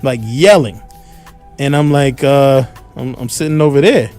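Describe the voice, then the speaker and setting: Animated man telling a story on radio. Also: mid-range voice, normal speed, clean tone, soft background music. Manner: animated storyteller, acts out shouted quotes. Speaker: radio show host. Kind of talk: casual storytelling on a radio talk show. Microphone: studio microphone.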